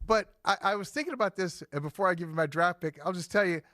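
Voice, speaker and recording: A man's voice: sits high, fast, pushed and bright, no room sound, studio quality. A man co-hosting a sports talk show, chatting conversationally and restarting sentences with fillers.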